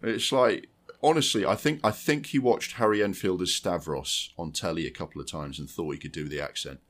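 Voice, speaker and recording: Low-voiced man, blunt and sweary. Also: a little fast. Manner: blunt, sweary, restarts a lot. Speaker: podcast co-host. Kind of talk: casual film chat.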